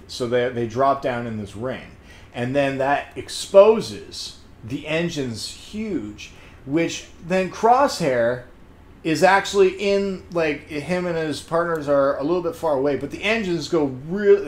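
Man, casual reviewer, rambles and laughs, echoey room, faint hum behind. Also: medium pitch. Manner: rambling, excitable, laughs often, many fillers. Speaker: comedian reviewing a TV episode.

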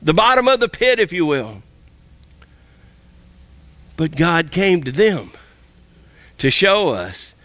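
A pastor giving a sermon, reading verses aloud and explaining them in plain, earnest words. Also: male voice, fairly bright tone, no echo. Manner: plain-spoken, rising in pitch as he preaches, with restarts.

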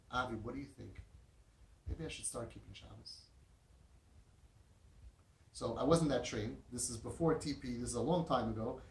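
A man telling a heartfelt story with emphasis, repeating words and using Yiddish and Hebrew terms. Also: medium pitch. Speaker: parenting speaker. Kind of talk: storytelling talk. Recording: roomy echo, distant mic, faint noise.

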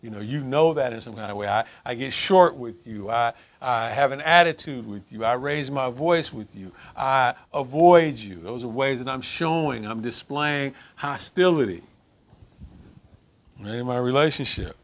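A man's voice: mid-range voice, moderate pace. Emphatic man leading a group talk. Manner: emphatic, keeps asking "right?". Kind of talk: informal group talk on relationships.

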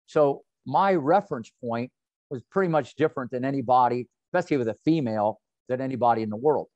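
A man in his sixties, a tennis coach, telling lively, colorful anecdotes in an interview. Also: medium pitch, fast, no echo. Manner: animated, colorful anecdotes with slang. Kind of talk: interview storytelling. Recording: dull, dry audio.

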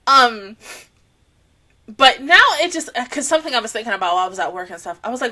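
A woman hosting an anime reaction, talking casually, swearing freely and swinging between soft musing and loud outbursts. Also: medium pitch, lively intonation, moderate pace, pauses often.

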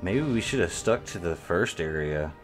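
Low and expressive, this male streamer's voice moves at a normal speed over faint music. He rambles through his gameplay, talking to viewers while he plays live.

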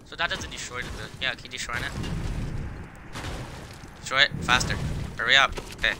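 A young man giving casual, excitable gameplay commentary on his own video, swearing often and jumping between loud outbursts and quiet mumbles. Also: medium pitch, normal speed, very noisy. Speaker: gaming video creator. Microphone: camera on face while playing.

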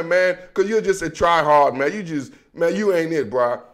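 A man with a fairly high voice delivers a heated football rant straight to his viewers. He talks in loose street slang and keeps swinging between calm stretches and sudden bursts of passion. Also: normal speed. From Washington DC area. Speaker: sports commentary host. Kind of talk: emotional sports rant.

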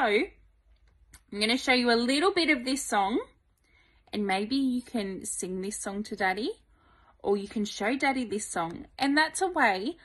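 Woman, somewhat high voice, slow gentle delivery for young kids. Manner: slow, gentle, simple words for small children. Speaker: presenter of a children's lesson. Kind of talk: talking to young children.

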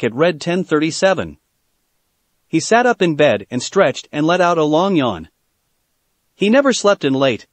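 A man reads a fan fiction story aloud with steady, plain storytelling. His voice is fairly high and moves lively through the lines. The recording is close and dry. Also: no room sound. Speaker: narrator.

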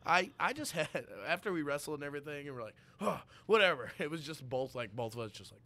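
A man's voice: on the high side, fast. Young man telling a story, laughing. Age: young adult. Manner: animated storytelling, laughing and swearing. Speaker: podcast guest. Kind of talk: casual chat.

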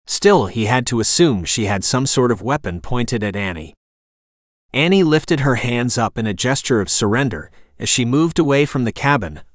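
A man narrating a romantic suspense audiobook in a steady, measured way. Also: fairly low pitch, no echo, studio quality. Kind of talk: scripted narration.

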